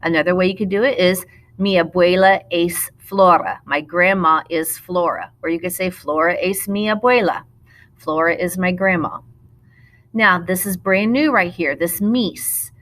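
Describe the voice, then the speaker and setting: Woman Spanish teacher, middle-aged, bright voice sitting a little low, patient, slows down to model words. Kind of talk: recorded classroom lesson narration.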